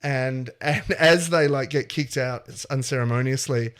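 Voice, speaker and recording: A man's voice: medium pitch, normal speed. A man co-hosting a comedy podcast, improvising a story and acting out characters' lines with playful energy. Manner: animated, acts out characters' lines in quotes. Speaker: podcast co-host.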